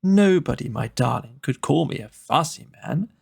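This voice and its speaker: A man's voice: a little high, lively intonation, normal speed, gravelly, slightly rough, full character voice. A man voicing a fussy, sulky storybook king who whimpers and frets. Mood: delighted. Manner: whimpering, petulant.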